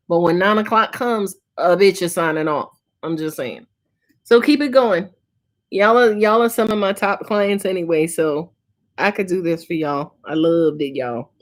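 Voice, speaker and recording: On a live stream, a woman reads tarot and answers viewer questions in a loose, slangy style full of swearing. She sounds worn out, and her pitch sits in the middle.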